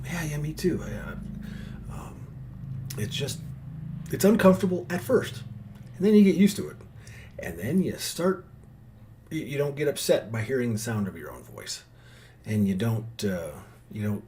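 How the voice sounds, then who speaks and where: A middle-aged man hosting his own podcast, musing out loud in a heartfelt, wandering way. He circles back, restarts his sentences and drops in fillers as he thinks. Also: mid-range voice, expressive, normal speed. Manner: rambling, reflective, with many restarts and fillers; earnest and heartfelt. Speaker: podcast host. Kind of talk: personal monologue.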